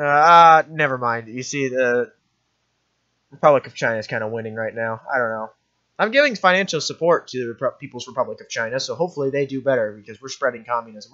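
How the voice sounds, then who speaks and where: A man's voice: mid-range voice, pushed and bright. Young guy rambling through a strategy game, offhand, slightly muffled lo-fi mic. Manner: rambling, offhand, self-correcting. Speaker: gaming commentator. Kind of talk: let's play commentary.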